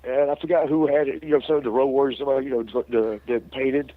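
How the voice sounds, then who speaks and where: A man's voice: mid-range voice, steady tone, fast. A middle-aged man, an interview guest telling a long story in a rambling, laughing way, full of fillers and restarts. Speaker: interview guest, former wrestler. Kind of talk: casual storytelling. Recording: lo-fi radio show audio.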